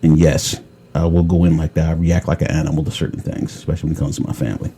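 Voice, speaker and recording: A man telling a story in casual chat, blunt and tough-talking, often clearing his throat. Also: a bass voice, fairly even intonation, fast talker, dark tone, a little hiss or hum. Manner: blunt, tough-talking, retells calls with quoted dialogue. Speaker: podcast host telling a story.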